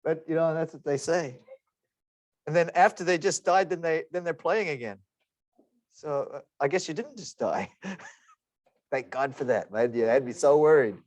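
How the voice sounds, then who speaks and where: A lecturer in his forties teaches an online class in a slightly high voice, keeping things chatty and slipping in self-deprecating jokes. His computer microphone sounds dry and close, with no room sound.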